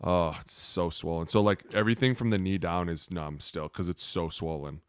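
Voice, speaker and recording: Low-voiced man telling a rambling story. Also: moderate pace, clean tone, no room sound, clean studio sound. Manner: rambling, profane storytelling, often laughing. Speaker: podcast co-host, former offensive lineman; youth football coach. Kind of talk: casual podcast banter.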